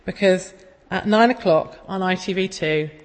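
A woman's voice: on the low side, normal speed. A woman, giving a casual, chatty sermon full of self-deprecating stories. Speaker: preacher. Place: church. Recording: long echo of a church hall.

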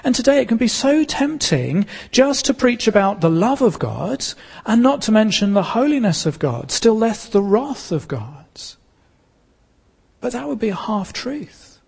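Male pastor, sermon delivery, earnest and emphatic, gravelly voice. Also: sits high, big pitch swings, in a large hall. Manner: earnest preaching with pauses and emphatic repetition.

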